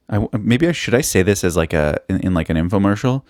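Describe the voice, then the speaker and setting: Low-voiced man in a profane ramble. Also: lively intonation, fast, hardly any pauses, darkish tone, no room sound, studio quality. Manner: rambling, profane and self-mocking. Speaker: podcast host. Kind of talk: casual comedic monologue.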